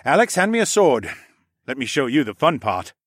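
A man voicing an eager, cheerful male alchemist in a higher, lively voice. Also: moderate pace, no echo, studio quality.

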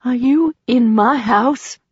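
A woman narrator voicing a frightened but stubborn young woman who talks back with sarcasm, pitched a bit higher. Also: slow, slightly rough, no echo, lo-fi sound. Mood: tense. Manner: tense, defiant, sarcastic.

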